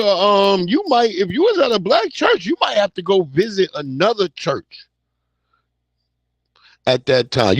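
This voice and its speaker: New dude rambling, cussing, kinda high voice, dry sound. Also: male voice, no room sound. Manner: profane, loose storytelling with frequent restarts. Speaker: podcast co-host. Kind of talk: casual chat.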